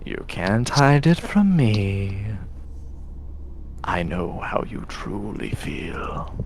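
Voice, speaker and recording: A man voicing a disembodied, sinister voice in whispered role-play, slow, hushed and coaxing. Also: fairly low pitch, sing-song, creaky, slight background noise, full character voice. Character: disembodied tempting voice, sinister and patient.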